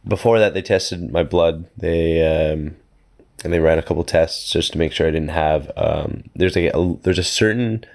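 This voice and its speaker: Deep-voiced young man, rambling story. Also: gravelly. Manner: rambling, halting with fillers. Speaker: podcast co-host. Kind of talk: casual chat, storytelling.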